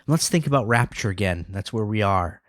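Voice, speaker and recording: A man's voice: on the low side, animated, fairly quick, no room sound. Podcast host, male, playful and chatty, dry close sound. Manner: playful, wraps up segments. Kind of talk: casual podcast chat.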